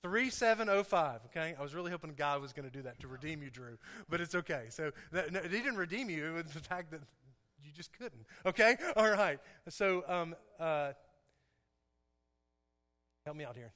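A man's voice: fairly high pitch, animated, moderate pace, pushed and bright. A man preaching a sermon, playful and chatty with his congregation, laughing often. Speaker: pastor. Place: church sanctuary. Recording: echoey hall.

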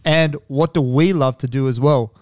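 A young man co-hosting a podcast, teasing his friends and swearing casually in relaxed banter. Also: medium pitch, moderate pace, no echo, studio quality. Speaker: podcast co-host. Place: hotel podcast room.

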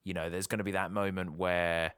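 A podcast co-host in casual chat, musing aloud and speculating about where a story is heading. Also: male voice, deep voice, little pitch movement, brisk, a bit bright, clear, resonant tone, dry recording, clean studio sound. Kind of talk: casual chat, guessing plot.

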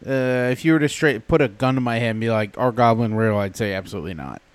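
A man's voice: medium pitch, animated, fast, clear, resonant tone, dry recording. A young man co-hosting a podcast, chatting casually in a laid-back, rambling, joking way into a podcast mic. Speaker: podcast co-host. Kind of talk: casual chat. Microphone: podcast microphone.

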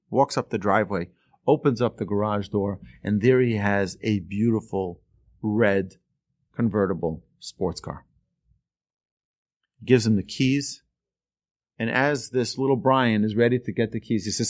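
A man teaching a Torah lesson through a lively story, acting out the voices of the people in it. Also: lowish voice, measured pace, no room sound, clean studio sound. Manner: animated storyteller, acts out voices. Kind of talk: storytelling sermon.

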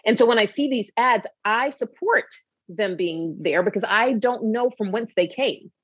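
A woman physician on a talk show, telling a patient story in an animated, conversational way with many asides. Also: on the high side, moderate pace, slightly rough, no echo, dull audio. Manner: animated storyteller, frequent "you know" asides. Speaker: obesity medicine physician guest.

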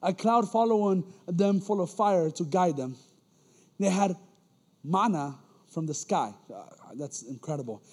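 A man with a strikingly high voice delivers a lively, informal sermon in a church. He talks to the congregation like friends, slips into slang and acts out the people he quotes. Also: measured pace, big-room sound. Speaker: church elder preaching. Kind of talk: casual sermon.

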